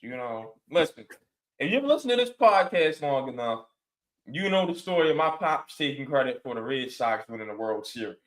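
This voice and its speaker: A man's voice: medium pitch, moderate pace, echoey room, poor audio. A man co-hosting a sports podcast, telling stories with playful exaggeration in casual chat. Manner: animated storytelling, playful exaggeration. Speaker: podcast co-host.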